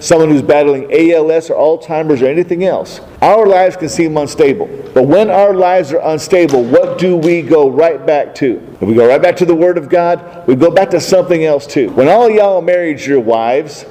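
A pastor preaching a sermon in a church hall, emphatic and full of rhetorical questions to the congregation. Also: male voice, on the high side, warm tone. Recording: long reverb of a large hall.

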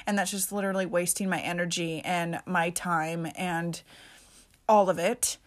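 A woman's voice: fairly low pitch, fairly even intonation, moderate pace. Emphatic, chatty woman podcaster. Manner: emphatic, casual and chatty, peppered with mild swearing. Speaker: podcast host. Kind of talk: solo motivational podcast talk.

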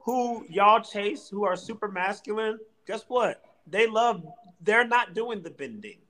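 Man, podcast co-host, slightly high voice, animated, emphatic, slangy casual chat. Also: unhurried, low-quality recording.

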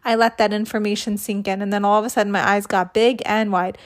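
A woman's voice: mid-range voice, flat delivery, fairly quick. A woman hosting a children's read-aloud, narrating a storybook. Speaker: host, reading to children.

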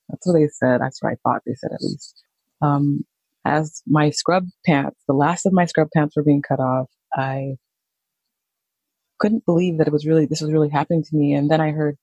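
A woman, a nurse, slowly telling her own story in a halting, reflective way. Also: deep voice, warm tone, slightly rough, no echo, rough recording. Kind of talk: personal storytelling.

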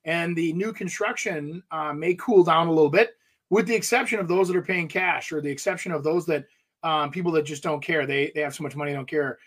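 Lively high-voiced realtor man. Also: brisk, slightly rough. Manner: animated, jokey, laughs while telling stories. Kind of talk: casual storytelling chat.

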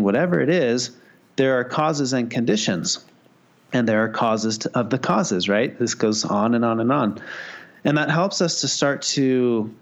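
A man calmly explaining a Buddhist teaching as an interview guest, thoughtful, with frequent restarts. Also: mid-range voice. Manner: thoughtful, many restarts, storytelling. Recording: dull lo-fi sound.

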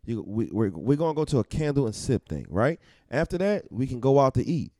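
A man talking as a podcast guest in casual chat, blunt, profane and animated as he tells stories. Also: medium pitch, brisk, dry recording, studio quality.

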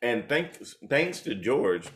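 A young man casually retelling a story with his partner, animated and laughing, jumping into high voices when quoting people. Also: takes it slowly. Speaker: co-host telling the proposal story. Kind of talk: casual couple chat.

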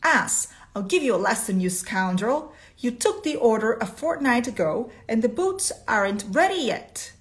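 A woman reading aloud and voicing an angry devil in blue spectacles who shouts insults. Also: fairly high pitch, sing-song, moderate pace, few pauses. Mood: furious. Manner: shouting, scolding.

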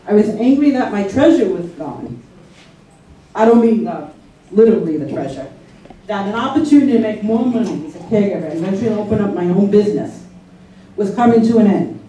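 A woman with a warm, mid-range voice tells an audience a personal story conversationally, often checking in with her listeners. She's recorded from far off in an echoey room with faint noise.

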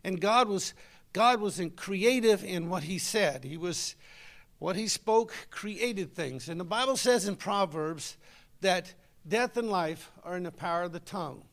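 A man's voice: high voice, measured pace, a bit bright. A middle-aged man, preaching a folksy, conversational sermon and talking with his congregation.

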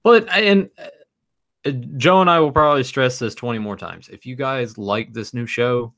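A man's voice: mid-range voice, normal speed, fairly bright tone. A man co-hosting a casual podcast chat, stammering through restarts, blunt and joking. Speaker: podcast co-host.

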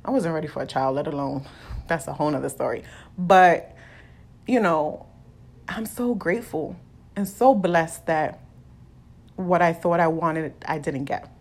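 A woman's voice: sits low, animated, measured pace, pauses often, a little mellow. A young adult woman hosting a solo podcast, talking candidly and confessionally with casual swearing. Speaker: podcast host.

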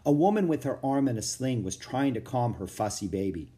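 A man reading a children's chapter book aloud in steady storytelling narration. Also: medium pitch, fairly quick. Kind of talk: audiobook narration.

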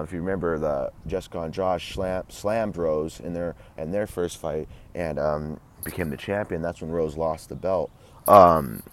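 Deep-voiced man rambling on a podcast. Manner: rambling, filler-heavy, swears freely. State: dry throat. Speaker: podcast host. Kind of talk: casual sports podcast chat.

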